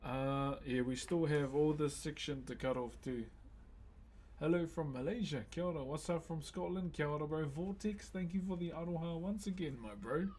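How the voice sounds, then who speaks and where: A man's voice: on the high side, normal speed, a little mellow. A man who carves wood on a live stream, chatting in a laid-back way and calling viewers "bro". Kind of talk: casual live-stream chat.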